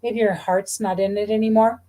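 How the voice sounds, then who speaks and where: A woman's voice: medium pitch, fairly even intonation, moderate pace, warm tone. A middle-aged woman doing a live card reading, talking in a gushing, meandering way with many fillers. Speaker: intuitive card reader hosting a live stream.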